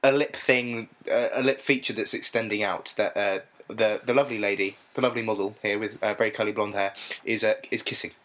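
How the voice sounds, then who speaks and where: A young man in a casual podcast chat, describing things in a halting way with repeated words. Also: fairly low pitch, fairly even intonation, fairly bright tone.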